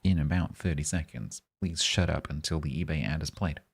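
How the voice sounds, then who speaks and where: A game streamer talks with his chat in a relaxed, joking way. His voice sits very low and has a husky edge. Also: brisk. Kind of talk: casual live-stream chat.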